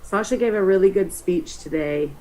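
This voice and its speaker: A woman on a live trading stream, calmly passing on trading advice. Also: medium pitch, normal speed, poor audio. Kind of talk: casual chat about trading.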